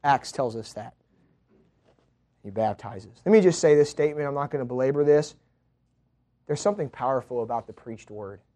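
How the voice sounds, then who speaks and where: A male preacher delivering a sermon, moving from quiet teaching to loud proclaiming. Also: moderate pace, pauses often. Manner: builds from low, quiet teaching to loud, high-pitched proclaiming.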